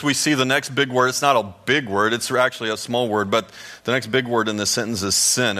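Bright-voiced male pastor preaching. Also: on the low side. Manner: conversational storytelling, lively asides to the audience. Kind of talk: sermon.

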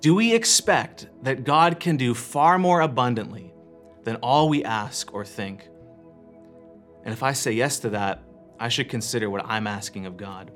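A man preaching a sermon as a church pastor, earnest, shifting his emphasis and letting phrases fall quiet at the end. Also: mid-range voice, lively intonation, measured pace, faint music behind. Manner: earnest, varies emphasis and pace, drops to quiet endings.

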